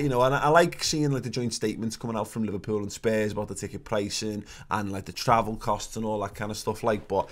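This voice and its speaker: A man's voice: on the low side, fairly even intonation, fast, hardly any pauses. A man, co-hosting a podcast in casual chat, ranting and swearing with many restarts. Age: 30s. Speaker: podcast co-host.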